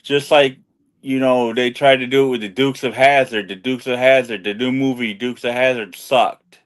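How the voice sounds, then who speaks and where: Young male co-host, mid-pitched, rambling and profane, stumbles and restarts. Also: steady tone, normal speed. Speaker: podcast co-host. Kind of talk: casual banter.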